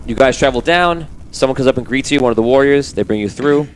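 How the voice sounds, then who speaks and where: A man's voice: mid-range voice, fast talker, a little hiss or hum. A man narrating a tabletop game as game master, casual and rambling. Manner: casual, rambling with fillers and restarts.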